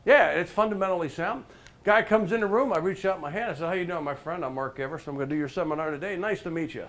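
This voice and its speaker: A middle-aged man spinning a workplace story for a live crowd, his voice pitched slightly high. He jumps between big, loud moments and low, confiding asides, and keeps pulling listeners in with questions by name. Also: quick pace. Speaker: professional motivational speaker. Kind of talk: storytelling talk to a live group.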